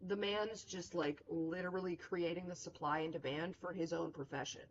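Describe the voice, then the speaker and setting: A woman's voice: lowish voice, fairly even intonation, moderate pace, a little hiss or hum. A young woman streaming a game, rambling and joking casually with lots of fillers. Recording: dull lo-fi with music.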